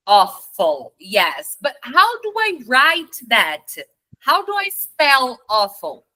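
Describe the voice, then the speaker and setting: A woman teaching an online English class, patient, explaining slowly and demonstrating intonation. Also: sits high, huge pitch swings, sharp tone, poor audio.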